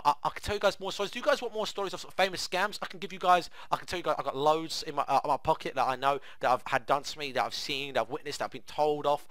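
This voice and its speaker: A young man streaming a game, excitedly telling stories in a casual, swearing manner and acting out the voices of people in them. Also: medium pitch, no room sound. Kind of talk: casual storytelling while playing a game.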